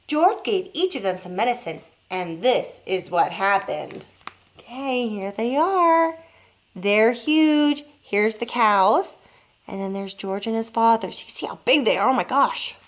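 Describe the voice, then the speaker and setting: Woman teacher, storybook read-aloud, lively melodic voice, fairly high, for young children. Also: measured pace. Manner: expressive, showing pictures as she reads. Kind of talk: reading a picture book aloud to children.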